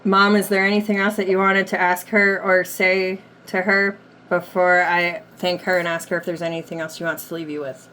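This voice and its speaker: A woman's voice: fairly low pitch, flat delivery, moderate pace, sharp tone, slight background noise. A woman working as a medium, passing on messages from the dead during a reading, with a lot of hedging and "like". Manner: relays messages, hedging with many likes. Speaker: psychic medium. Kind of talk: spirit reading session.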